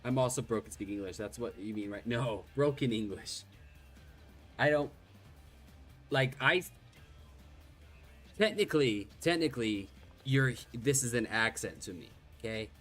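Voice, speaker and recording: A man's voice: medium pitch, lively intonation, a little slow, pauses often, fairly bright tone, faint music behind. Rambling self-deprecating male streamer. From Ireland. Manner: rambling, self-deprecating, many restarts and swearing. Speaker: game streamer. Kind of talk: casual chat while streaming.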